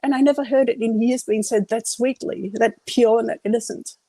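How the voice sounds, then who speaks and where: A woman's voice: on the high side, steady tone, a little fast, mellow, no echo. A middle-aged woman, sharing her personal faith testimony in an earnest, candid way.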